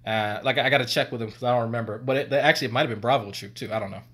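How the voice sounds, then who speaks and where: A man's voice: medium pitch, fairly even intonation, very fast, fairly bright tone. A man, a former army medic, telling stories on a stream in a rambling, profane and laughing way. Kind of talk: casual storytelling on stream.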